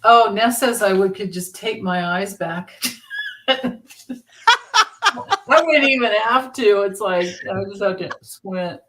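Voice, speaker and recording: Chatty lady tarot host rambling and laughing, mid pitch, casual livestream talk. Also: takes it slowly, pauses often, a bit bright, a little hiss or hum.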